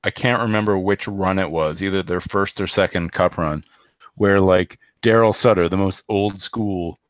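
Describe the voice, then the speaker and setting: A man with a deep, low voice talks hockey in a casual, wandering way, stopping and restarting his thoughts with plenty of fillers. When he reads numbers he speeds into a flat run. The sound is dry and close. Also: moderate pace, no echo. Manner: rambling, hesitant, many fillers and restarts. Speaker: podcast co-host.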